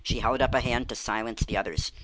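A man reading a children's mystery book aloud, with clear, even storytelling. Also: medium pitch, fairly quick, noisy background. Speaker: audiobook reader.

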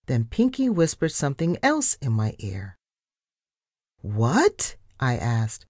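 A woman reading a children's storybook aloud, narrating and giving the characters' lines with lively expression. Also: extremely low pitch, slow pace, no echo, studio quality.

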